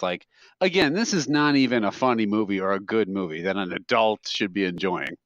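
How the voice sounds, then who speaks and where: His voice sits on the low side, a bit bright, with no echo, through a dry, slightly dull podcast mic. As co-host, he chats casually, meandering through funny stories and laughing at them himself.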